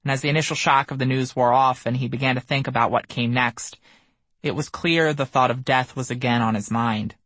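A man reading his own memoir aloud as an audiobook, measured and somber. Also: mid-range voice, steady tone, a bit bright, no echo. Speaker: memoir narrator. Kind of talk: audiobook narration.

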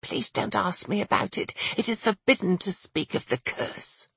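Narrator putting on a scared young maid, husky, slow, nervous whispery bits. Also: medium pitch, animated, dry recording, pitched above the performer's own voice. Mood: fearful. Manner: anxious, hushed. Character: fearful young woman maid.

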